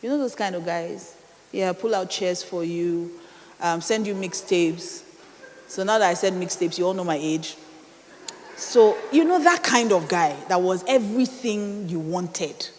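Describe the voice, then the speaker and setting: A woman's voice: fairly low pitch, expressive, a little slow. A middle-aged woman with a Nigerian accent, telling a personal story in a dramatic sermon style full of rhetorical questions. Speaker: speaker. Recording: reverberant hall.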